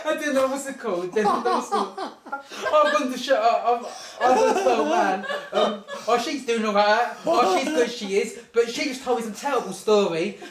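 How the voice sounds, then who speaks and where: A speaker telling a rambling comic anecdote, giggling through it and often saying "anyway". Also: high voice. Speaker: storyteller. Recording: echoey room.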